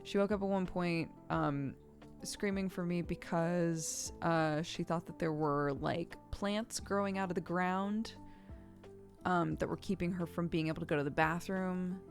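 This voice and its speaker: A woman's voice: lowish voice, steady tone, a little slow, soft background music. A woman streamer chatting casually, telling stories in a rambling, chatty way. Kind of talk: casual chat while gaming.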